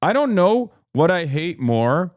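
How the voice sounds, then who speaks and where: A man's voice: on the high side, very animated, measured pace, no echo. A man in his thirties chatting casually on a livestream, blunt and profane, ranting at his chat. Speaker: streamer.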